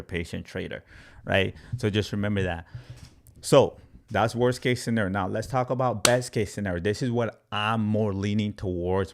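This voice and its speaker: Low-voiced man giving crypto commentary. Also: creaky. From Canada. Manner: energetic, repeats points, acts out panicking traders. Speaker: crypto YouTuber. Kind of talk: casual market commentary.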